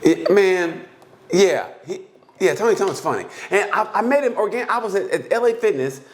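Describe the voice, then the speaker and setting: Man co-host, casual comedic podcast banter, fairly high voice with wide, bouncy pitch, profane, acts out characters. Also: animated, moderate pace.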